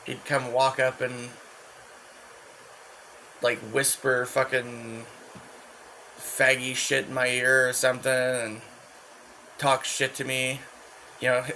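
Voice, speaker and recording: A man in a casual rambling monologue, profane and halting, full of restarts and fillers. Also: mid-range voice, monotone, bright, forceful tone, a little hiss or hum, rough recording. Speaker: channel host.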